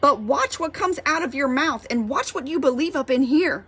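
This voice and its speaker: A woman's voice: high voice, animated, normal speed, fairly bright tone. A woman fitness coach giving a passionate motivational talk, fired up and repeating her points for emphasis.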